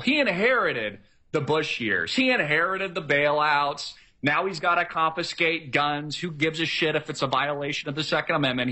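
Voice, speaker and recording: High, lively, bright-voiced ranting man. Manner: emphatic, repetitive, mocking. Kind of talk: ranting political monologue.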